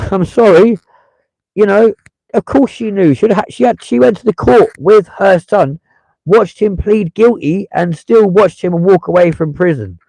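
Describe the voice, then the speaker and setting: A man's voice: high-pitched, vocal fry, dark tone, no room sound, low-quality recording. A man hosting a live stream, giving blunt, profane, heated casual commentary.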